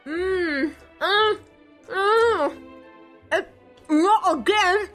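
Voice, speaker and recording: A woman playing a sweet, gentle lady of the house who coos and coddles. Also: extremely high pitch, drawn-out words, soft background music, heavily acted. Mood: dainty. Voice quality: sugary, coddling. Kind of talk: comedy sketch acting.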